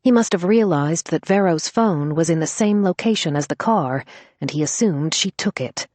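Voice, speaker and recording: A woman narrating an audiobook in an even, measured voice, close to the mic. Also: fairly low pitch, no echo. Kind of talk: scripted narration. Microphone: close studio mic.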